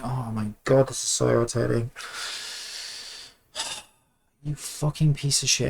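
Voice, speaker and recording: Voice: mid-range voice, gravelly. A game developer vlogging while working, muttering and swearing in constant exasperation, often trailing off and restarting sentences. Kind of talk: casual dev vlog commentary while working.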